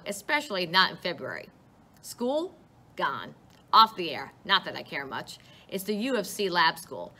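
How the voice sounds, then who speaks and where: Bright-voiced woman reading a novel aloud. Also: fairly low pitch. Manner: expressive, conversational. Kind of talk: first-person book reading.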